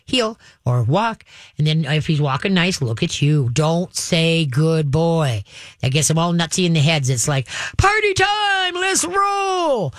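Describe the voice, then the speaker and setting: A woman hosting a call-in show as a dog trainer, giving direct, step-by-step advice to a caller and acting out calm commands, often checking in with "okay?". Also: sits low, no echo, clean studio sound. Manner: frequent checks like "okay?" and "all right?".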